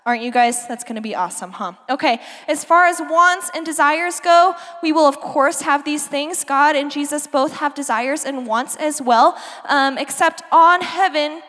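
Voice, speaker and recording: A woman's voice: high voice, a bit bright. A young woman preaching to a youth group in a bubbly, chatty way, talking straight to the kids. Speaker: youth pastor. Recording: long hall reverb.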